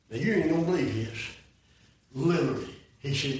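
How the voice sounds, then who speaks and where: An older man preaches in a high, ringing voice, jumping from shouts to hushed, folksy asides. He sounds set back from the microphone in a very echoey hall. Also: lively intonation, fairly quick, a little hiss or hum. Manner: swings between shouted peaks and low, quiet asides; folksy plain-spoken preaching. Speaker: preacher giving his testimony. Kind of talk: fiery sermon. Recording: echoey room, voice from a distance.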